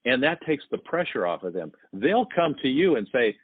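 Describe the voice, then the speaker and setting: A man's voice: medium pitch, sing-song, moderate pace, husky, no echo. A man in his sixties chatting casually on a podcast, telling sales anecdotes and acting out both sides of the dialogue. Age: 60s. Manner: storytelling, acts out quoted dialogue. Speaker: sales guest. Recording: tinny phone-like line, dry.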